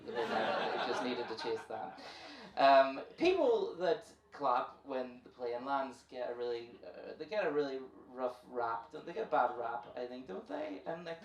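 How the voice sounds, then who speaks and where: A Northern Irish comedian works a club crowd through a handheld mic, speaking at a medium pitch in a sing-song, slightly slow way. The mic sits far from him, so his playful, self-deprecating banter comes through an echoey space full of crowd noise.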